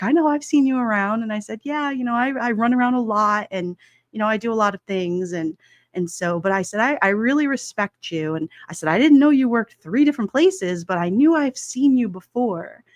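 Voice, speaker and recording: This livestream host, a woman in her forties, chats loosely and rambles, stuffing her sentences with fillers and small laughs. Her pitch is middling, and the sound is close and dry with no room around it.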